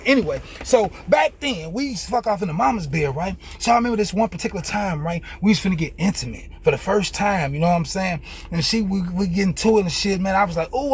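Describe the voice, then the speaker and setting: A man's voice: high voice, husky. A young man telling a casual, profane story in loose street slang as a vlogger.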